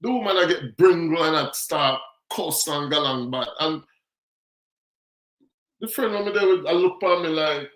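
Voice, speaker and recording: A man's voice: on the high side, unhurried, fairly bright tone. A Jamaican man hosting a casual talk show, chatting and telling stories about life back home, acting out the people in them. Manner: chatty, storytelling, acts out quotes. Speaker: show host. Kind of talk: casual commentary monologue. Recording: roomy echo.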